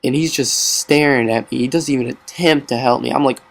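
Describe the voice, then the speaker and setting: Male vlogger, casual storytelling, rambling delivery, filler words, mid-pitched voice. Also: steady tone, a little fast, gravelly. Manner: rambling, full of likes and ums.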